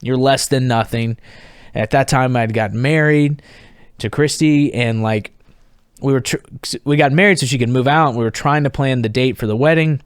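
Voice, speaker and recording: A man in his thirties, a veteran guest on a podcast, telling his story casually and candidly, swearing freely and acting out what others shouted. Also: mid-range voice, normal speed, clean tone, no room sound, studio quality.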